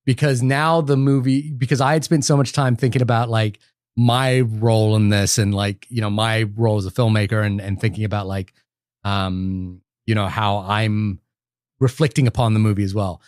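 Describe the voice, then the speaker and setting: A man's voice: fairly low pitch, fairly even intonation, moderate pace, darkish tone, smooth, no echo, studio quality. A man co-hosting a film podcast, talking in a rambling, enthusiastic way with many restarts. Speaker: podcast co-host. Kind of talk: casual film discussion.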